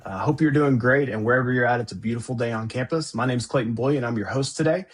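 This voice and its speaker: Chatty man hosting, slightly husky. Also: mid-range voice, quick pace. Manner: upbeat and chatty, with fillers. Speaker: podcast host. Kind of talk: casual interview hosting.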